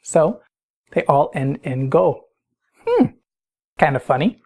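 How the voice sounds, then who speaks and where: Woman teacher, low mellow voice, patient explainer who quizzes the listener. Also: big pitch swings, takes it slowly, breathy edge. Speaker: Spanish teacher. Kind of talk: recorded grammar lesson.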